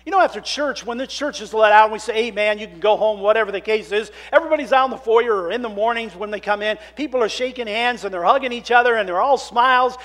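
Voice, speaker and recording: Preacher, man, high voice, swings from hushed reading to loud storytelling. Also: a little fast, few pauses. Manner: dramatic shifts between hushed scripture reading and loud animated storytelling. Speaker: minister. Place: church sanctuary.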